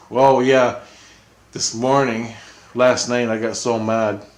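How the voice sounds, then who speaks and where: A man rambling through a personal story, laughing now and then. His mid-pitched voice sounds roomy and echoey, as if he is in a bare room. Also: little pitch movement, takes it slowly. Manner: rambling, chuckling. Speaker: vlogger. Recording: roomy echo.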